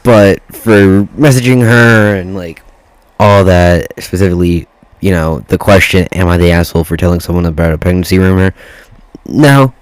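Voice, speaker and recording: A man's voice: low-pitched, steady tone, normal speed, no echo, low-quality recording. A man reading Reddit posts aloud in a casual way, stopping to swear and react to the text. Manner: swears freely, reacts to typos mid-read. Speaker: reddit story reader.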